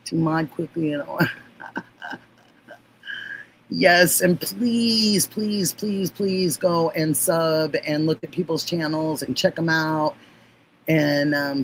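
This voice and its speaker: A woman hosting a livestream, chatting warmly with viewers and laughing often. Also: sits low, slight background noise, poor audio. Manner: gushing, affectionate, laughs often. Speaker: livestream host. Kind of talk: casual livestream chat.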